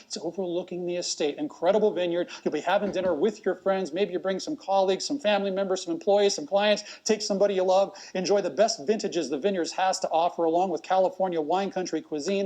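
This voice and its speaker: A man calls out bids as auctioneer at a livestreamed charity auction. He jokes and hypes the items. He keeps pressing viewers to bid, and his voice sits high for a man. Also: a little mellow. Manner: upbeat, fast-talking, joking hype. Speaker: auctioneer host. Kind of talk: live online charity auction.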